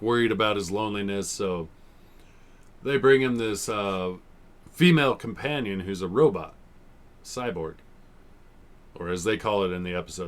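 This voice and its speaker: A man in his forties hosting a podcast, casually rambling and swearing as he reviews old TV episodes. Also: sits low. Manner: rambling, swearing, laughs often. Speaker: podcast host.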